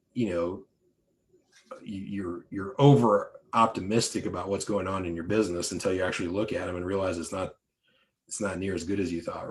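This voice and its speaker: A man's voice: low-pitched, a little mellow. A man coaching an online group in a conversational, emphatic way, with many fillers and restarts. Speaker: business coach. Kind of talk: live online coaching talk.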